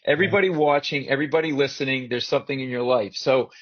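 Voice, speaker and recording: A man, a comedian, chatting as a guest and telling a story with animated, joking delivery. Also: medium pitch, fast. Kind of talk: casual chat. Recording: muffled remote audio.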